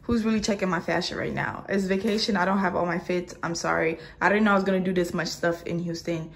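A woman's voice: fairly low pitch, steady tone, a little fast, hardly any pauses. A young woman vlogging on her phone, chatty, blunt and candid, with lots of slang. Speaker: travel vlogger. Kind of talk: casual vlog talk to camera. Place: hotel room.

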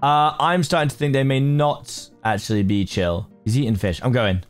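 A man giving excitable, chatty commentary while playing a Minecraft modpack, talking to himself and his viewers with sudden jumpy exclamations. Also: mid-range voice, moderate pace, soft background music. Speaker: gaming YouTuber. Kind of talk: casual Minecraft let's play commentary.

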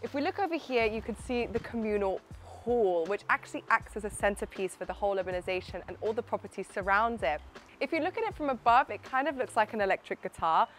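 A woman's voice: mid-range voice, animated, fast talker, fairly bright tone, slight background noise. Enthusiastic woman giving a house tour. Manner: enthusiastic, chatty, addresses viewer directly. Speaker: real estate presenter. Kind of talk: property tour walkthrough. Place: inside a townhouse and on its rooftop terrace.

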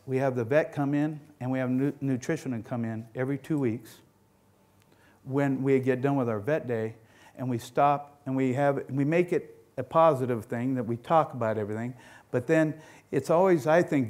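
A middle-aged man speaks at a conference in a folksy, storytelling way, often restarting and repeating his words. His voice sits in an ordinary middle pitch for a man. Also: a little mellow. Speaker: dairy farm owner giving a talk. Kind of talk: conference presentation.

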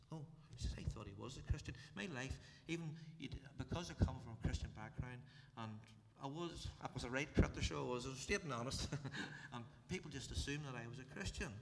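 A man's voice: medium pitch, gravelly, a bit bright. A middle-aged man with a Northern Irish accent giving a plain-spoken personal testimony to a congregation, telling his story with restarts. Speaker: church testimony speaker. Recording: distant reverberant hall with faint ambient noise.

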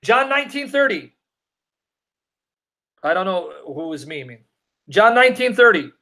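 A man with a high, very animated voice, bright and forceful, teaches the Bible in a live Q&A stream and responds to viewer comments. He reads scripture in a slow, deliberate cadence and drives every point home by emphatically repeating his questions.

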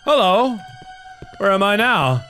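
A young man hosting a let's-play of a horror game, talking to himself and the viewers and bursting into loud, sweary outbursts and screams. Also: high voice, very animated, slow. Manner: talks to himself and the viewers while playing. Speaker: gaming video host. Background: game music.

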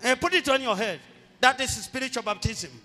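A man with a Zambian accent, a pastor leading a fervent prayer, repeating and shouting short lines. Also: very high-pitched, a little fast. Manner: repetitive chanted exhortations, often shouted. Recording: echoey hall with music behind.

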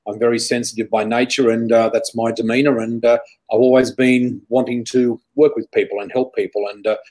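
A middle-aged man with an Australian accent speaks as an interview guest, sitting at a typical middle pitch for a man. He tells his stories in an animated, rambling way, restarting sentences as he goes. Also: a little fast, rough recording. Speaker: guest psychic. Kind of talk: storytelling in an interview.

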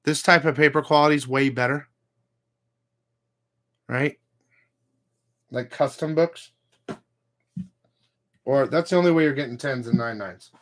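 A man's voice: medium pitch, a little slow, long pauses, a bit bright. A man hosting a comic book channel, ranting casually to his viewers, blunt and profane, with rambling asides.

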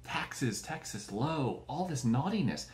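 Male comedy host, lively swooping delivery, profane mocking rant, roomy echo. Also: mid-range voice, takes it slowly. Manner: profane, rambling, mocking, acts out quoted voices.

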